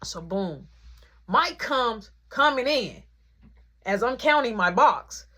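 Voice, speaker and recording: A woman's voice: on the high side, lively intonation, takes it slowly, pushed and bright. A woman telling a rambling work story in a casual, slangy way, acting out the back-and-forth of the people in it. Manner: slangy, rambling, acts out quoted dialogue.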